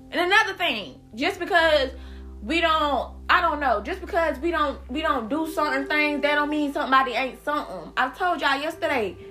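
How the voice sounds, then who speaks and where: Casual, emphatic South Carolina Geechee woman host, higher and bright, faint music under. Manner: chatty, repeats words, slangy and emphatic. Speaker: podcast host. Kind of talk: casual solo podcast monologue.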